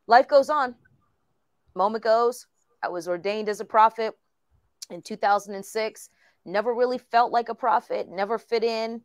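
A woman's voice: on the high side, normal speed, no room sound. A woman apostle hosting a ministry talk, telling stories with animation and frequent laughter. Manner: animated storytelling, laughs often. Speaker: host, apostle. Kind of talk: casual ministry discussion.

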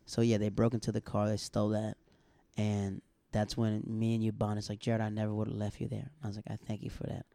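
This co-host speaks a little fast with a lowish, warm voice, vocal fry, and a completely flat delivery, recorded without echo. Chatting casually on the podcast, he animatedly recounts a story, voicing other people's lines and laughing a lot.

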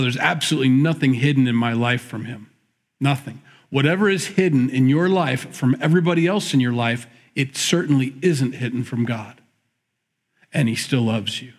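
A middle-aged man gives a conversational sermon from the pulpit. He reads a verse, then muses aloud on it with plenty of self-correction. His voice sits at an ordinary middle pitch. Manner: reflective, musing, reads scripture aloud then comments. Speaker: pastor.

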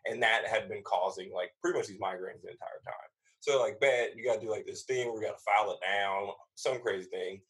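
A man's voice: a little fast, low-quality recording. A man, a comedian guest, telling a story in casual, profane chat, acting out the people he quotes. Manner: animated, acts out quoted voices with big pitch jumps; slangy and profane.

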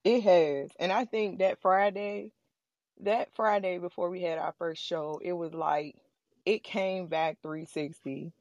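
A woman's voice: lowish voice, steady tone, a little slow, a little mellow, dry recording, lo-fi sound. A woman co-hosting a faith podcast who speaks in emphatic, preachy affirmations. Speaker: podcast co-host. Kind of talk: casual faith podcast chat.

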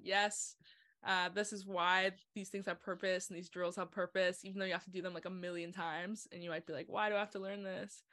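Bright-voiced chatty woman host. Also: mid-range voice. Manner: chatty, animated, laughs between points. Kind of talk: casual podcast conversation.

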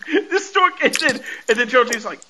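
A man hosting a podcast, recapping an episode in casual, animated storytelling and laughing often. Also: very high voice, moderate pace, background noise. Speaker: podcast host.

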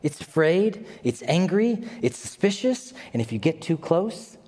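A man preaching a sermon to a congregation, animated and dramatic, with asides to his listeners. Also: a little high, unhurried, long reverb tail. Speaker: pastor.

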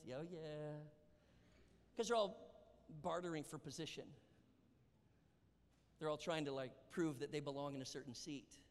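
Preacher, male, lively sermon delivery with acted dialogue and whispers, higher-pitched, reverberant church hall. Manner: animated, acts out Bible dialogue, drops to whispers. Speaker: pastor. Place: church sanctuary.

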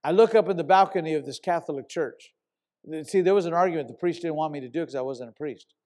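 An older male pastor, his voice a touch higher than most men's, tells a story during a sermon at a quick clip. He narrates loosely and conversationally, then abruptly breaks into loud, emphatic shouts when quoting himself, an animated storyteller throughout.

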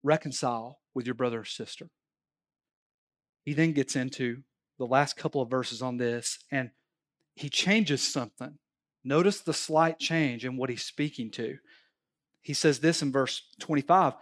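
A man's voice: fairly high pitch, normal speed. A male pastor preaching a sermon at a church service, telling stories and pressing his points emphatically. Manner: animated, emphatic storytelling preacher.

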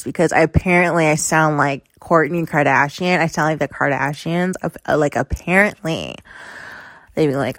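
With a lowish, animated voice, a young woman in her twenties hosts a podcast and tells her audience a candid personal story in a chatty way, leaning on plenty of fillers. She speaks slowly, and the sound is studio quality with no echo.

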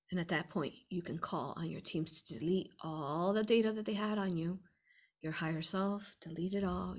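Woman, breathy voice, lowish pitch, livestream Q&A, rambling, soft whispery moments. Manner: rambling, repeats words, asks "right?"; drops to a soft whisper at times. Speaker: host answering viewer questions. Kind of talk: livestream Q&A talk.

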